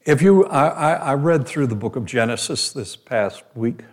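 A man's voice: medium pitch, lively intonation. A man preaching a sermon, teaching verse by verse. He reads scripture aloud and puts questions to his listeners. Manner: slow, deliberate, reads scripture aloud, asks the audience questions.

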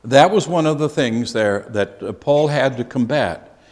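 An earnest man teaches a Bible study, his pitch rising and falling with lively emphasis as he repeats key phrases. His voice carries a long reverb from a large hall. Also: a little slow.

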